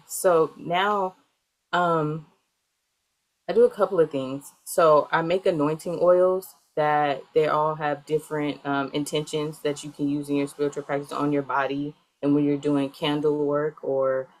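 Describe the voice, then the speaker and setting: A woman with a notably low, deep voice answers interview questions in a loose, wandering way. She is a young adult and fills her talk with plenty of "um" and "like". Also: poor audio. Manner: rambling, filler-heavy. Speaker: guest, healer.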